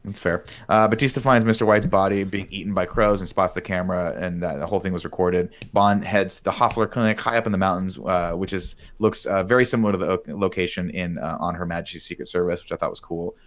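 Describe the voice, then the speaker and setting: A man rattles through a movie recap at a quick clip, his voice sitting on the low side. He swears freely and slips into the characters' lines as he tells the story. The tone is loose, casual podcast chat. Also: fairly even intonation. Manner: rambling, profane, acts out characters' lines. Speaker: podcast host recapping a film.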